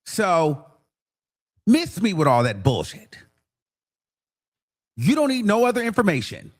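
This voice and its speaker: A man talks straight to his livestream viewers, blunt and animated, his voice sitting a little above the usual male range. He breaks off now and then to mimic other people. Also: high voice, a little slow. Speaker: livestream host. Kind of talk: casual commentary to viewers.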